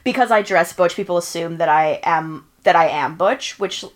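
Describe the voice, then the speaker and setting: A woman's voice: fairly low pitch, moderate pace. A woman co-hosting a casual chat, full of fillers, sarcastic asides and frequent laughter. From New York. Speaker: podcast co-host.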